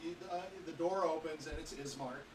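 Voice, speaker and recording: A man running a tabletop game as dungeon master, talking haltingly with fillers and restarts. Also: on the high side, fairly even intonation, crowd noise. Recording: echoey room, mic far off, noisy.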